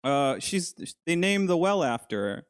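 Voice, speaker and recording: A man's voice: fairly high pitch, sing-song, a little slow, clean tone. A man co-hosting a casual film podcast, jokey and enthusiastic, often laughing. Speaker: podcast co-host.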